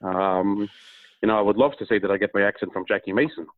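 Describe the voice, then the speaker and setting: A man with a lowish voice speaks over a tinny, dry phone line. He is from Minnesota and talks about his music as a guest, hesitant, full of "uh" pauses. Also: no room sound. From Minnesota, USA. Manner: halting, with many "uh" pauses. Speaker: singer, interview guest. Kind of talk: casual phone interview.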